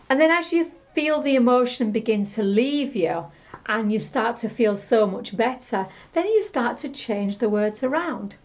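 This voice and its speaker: A woman teaching a tapping technique, calmly repeating example phrases as she explains. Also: a little high, measured pace, highs cut off. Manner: calm, repetitive, demonstrates scripts aloud. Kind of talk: instructional talk to camera.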